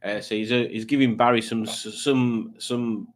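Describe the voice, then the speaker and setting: A man's voice: medium pitch, fairly even intonation, a little slow. A man hosting a casual live quiz stream, rambling along with jokey, self-mocking asides. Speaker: quiz show host.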